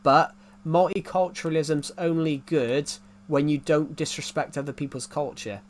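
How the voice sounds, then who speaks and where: A young man with a working-class English accent from old mining country, talking on a gaming livestream. His voice sits a little high for a man. He rambles, loops back over the same point and stops to answer his chat. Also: steady tone, normal speed, a little hiss or hum. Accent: English working-class, former mining area. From England. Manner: rambling, repeats and restarts sentences, answers chat.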